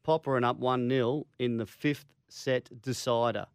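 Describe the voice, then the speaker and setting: A man's voice: mid-range voice, fairly even intonation, clear, resonant tone, no echo, studio quality. Chatty Australian male radio co-host. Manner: chatty, quick to laugh, trailing restarts. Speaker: co-host of a sports radio show. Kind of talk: casual radio banter. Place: radio studio. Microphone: studio microphone.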